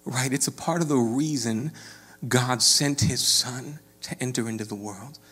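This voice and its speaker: A man preaching a sermon, conversational and checking in with "right?", rising to animated storytelling. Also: medium pitch, measured pace, slightly rough. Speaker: pastor.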